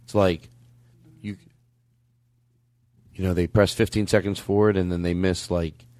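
A man's voice: low-pitched, level tone, a little slow, darkish tone, no echo. A man co-hosting a podcast in casual banter, joking and rambling, swearing often. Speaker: podcast co-host.

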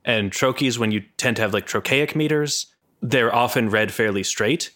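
A man's voice: mid-range voice, normal speed, fairly bright tone. A man co-hosting a podcast, talking casually and hedging a lot, with many restarts. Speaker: podcast co-host.

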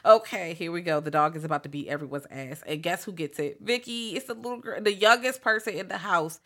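A woman's voice: fairly low pitch, brisk, a bit bright. A woman co-hosting a podcast, recapping a horror movie in casual slang and jumping into raised voices to quote the characters. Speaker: podcast co-host. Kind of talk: casual movie-review chat.

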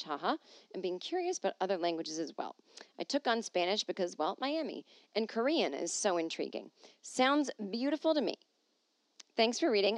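A woman's voice: mid-range voice, no room sound. A woman comedian talks through her podcast, reading listener mail and drifting off on playful, self-mocking tangents. Her voice sits in a middle register for a woman. The sound is dead dry, close on a podcast microphone. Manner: rambling, self-deprecating, playful. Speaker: podcast host and touring comedian. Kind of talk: casual solo podcast chat, reading listener emails.

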